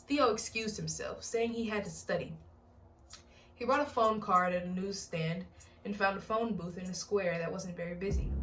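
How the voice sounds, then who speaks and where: A woman reads a novel aloud in a relaxed, casual way and often stops to crack jokes about the text. Her voice comes from a little way off the mic. Music plays clearly behind her. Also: medium pitch. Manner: reads aloud, breaks off to joke and laugh at the text. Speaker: book reader and channel host. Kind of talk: casual book reading with comedic asides. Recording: distant mic with background music.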